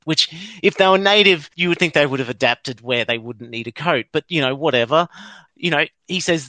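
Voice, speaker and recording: A man's voice: a little high, lively intonation, normal speed, pushed and bright, no room sound. A man hosts a casual chat, recapping an episode in a rambling way and chuckling as he goes. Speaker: podcast host.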